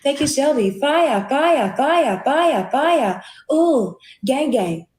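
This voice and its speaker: A woman playing a non-playable game character on a live stream, repeating the same catchphrases in a flat, mechanical way. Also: high voice, slow, roomy sound, a crowd in the background. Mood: robotic, repetitive. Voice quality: flat repetitive chanting of catchphrases. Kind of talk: live-stream NPC role-play.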